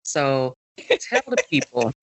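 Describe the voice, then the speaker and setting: A woman's voice: a bass voice, slow, heavy background noise. A woman hosting a podcast, chatting casually and easily with lots of fillers. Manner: relaxed and conversational, with many fillers. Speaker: podcast host.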